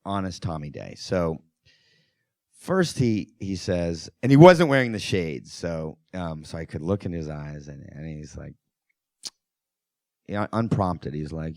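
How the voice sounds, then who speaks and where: A man, a film director, telling anecdotes in an animated, laughing way as a guest at a Q&A. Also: sits low, unhurried, no room sound, clean studio sound. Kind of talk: anecdotal storytelling at a Q&A.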